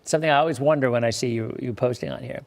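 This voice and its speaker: A man's voice: medium pitch, racing, vocal fry, long reverb tail. A man hosting a live weather forecast, talking in a chatty way with joking asides to his viewers.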